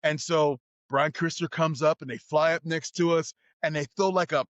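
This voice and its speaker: Male guest, high voice, lively storyteller doing voices, dry close sound. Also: normal speed, no room sound, highs cut off. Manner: acts out voices and shouts in his stories. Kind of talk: animated storytelling.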